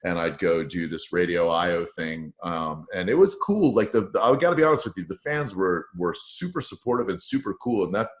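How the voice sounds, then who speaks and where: A man with a very low voice tells rambling, profane stories with a joker's timing. He is a radio morning show host chatting casually as a podcast guest. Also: a little fast, hardly any pauses. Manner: profane, joking, animated storyteller. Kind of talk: casual podcast interview storytelling.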